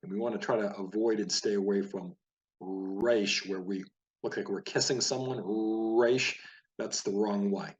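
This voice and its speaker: Patient low-voiced man teaching Hebrew reading. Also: fairly even intonation, a little mellow, muffled recording. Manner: patient, explanatory, repeats each word slowly. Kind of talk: casual spoken lesson over a page of words.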